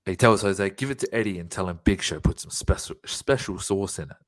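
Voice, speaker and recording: Low-voiced man giving a profane recap. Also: fairly quick. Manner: profane, laughing play-by-play recap. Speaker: podcast co-host. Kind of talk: casual wrestling recap chat.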